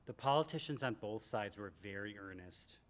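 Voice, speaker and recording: A man in his sixties from Michigan, reading from his memoir to a live audience in a library event room, animated and joking. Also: normal speed. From Michigan, USA. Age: 60s. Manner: animated and joking, with big swings in pitch and loudness. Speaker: author at a book event.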